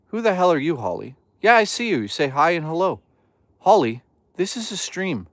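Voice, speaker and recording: A man's voice: on the high side, sing-song, normal speed, a bit bright, dry recording. A man casually chatting and joking with his live chat while out in the woods. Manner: joking, loose and teasing with chat. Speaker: streamer. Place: outdoors in the woods.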